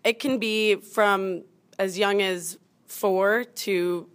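A young woman, a college softball player, answering interview questions in a bubbly way with many fillers. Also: mid-range voice, steady tone, very slow. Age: young adult. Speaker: student athlete, softball player. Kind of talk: interview before a live audience.

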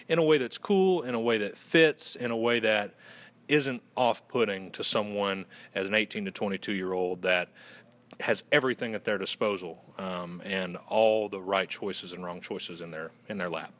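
A man's voice: fairly low pitch, moderate pace, fairly bright tone. A man from Western North Carolina with a Southern accent, answering interview questions in earnest, long flowing runs. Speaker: guest, fraternity communications director. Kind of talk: radio interview.

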